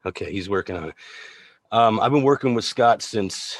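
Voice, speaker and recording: A man's voice: on the low side, lively intonation, normal speed, no echo. A man hosting a casual livestream chat, joking, laughing often and rambling with fillers over a video call. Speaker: host.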